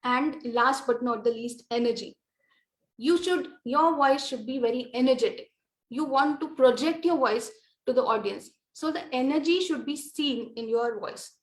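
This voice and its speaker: A woman with an Indian English accent giving a lecture on presentation skills, explaining in a measured way with frequent fillers. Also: high voice, echoey room.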